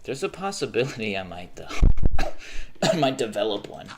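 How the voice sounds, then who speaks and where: A man's voice: lowish voice, big pitch swings, moderate pace, heavy background noise. A young man livestreaming from home, ranting casually with lots of swearing and frequent restarts mid-sentence. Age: young adult. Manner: profane, ranting, frequent self-interruptions and restarts.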